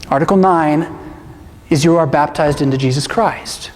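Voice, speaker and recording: A man's voice: fairly high pitch, moderate pace. Emphatic man preaching in a reverberant hall. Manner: emphatic, animated, asks rhetorical questions. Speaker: pastor. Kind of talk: energetic teaching talk to a church audience. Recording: long reverb of a large hall.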